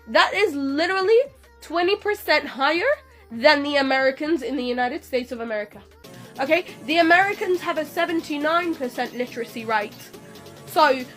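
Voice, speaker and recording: Young woman, high voice, sassy lecturing monologue to camera, soft music bed. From Palestine. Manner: sassy, lecturing, rhetorical questions. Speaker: video creator. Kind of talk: speaking to camera over a speedpaint.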